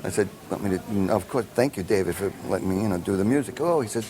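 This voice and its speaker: An older film composer with a lowish voice talks fast as he tells a long anecdote in an interview. He's an animated storyteller, acting out the people in it and their quoted dialogue, with plenty of fillers and restarts.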